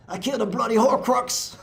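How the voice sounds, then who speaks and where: A man doing a comic impression of Ron as a brash teenage boy with an exaggerated Australian accent, yelping loudly. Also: extremely high pitch, creaky, pitched above the performer's own voice, exaggerated voice. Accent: Australian, put on. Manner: shouty, exaggerated yelps. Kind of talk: comic impression during gameplay commentary.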